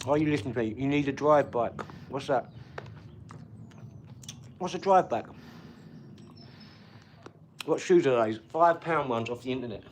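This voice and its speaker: A man hosting a casual live stream from his home garage, talking in an energetic, rambling, chatty way. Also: medium pitch, a little hiss or hum. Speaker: livestream host.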